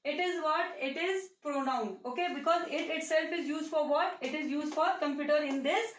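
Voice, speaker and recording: A woman's voice: high-pitched, normal speed, slight background noise. A woman teacher explaining grammar, asking questions and answering them herself. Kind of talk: classroom grammar lesson. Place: classroom with a board. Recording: echoey room, voice from far off.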